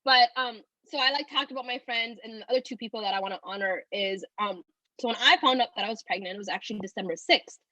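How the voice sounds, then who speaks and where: A woman's voice: a little high, fast, bright, forceful tone, no echo, low-quality recording. A woman in her twenties, teary and rambling, telling a personal story with many "like"s. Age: 20s. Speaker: guest.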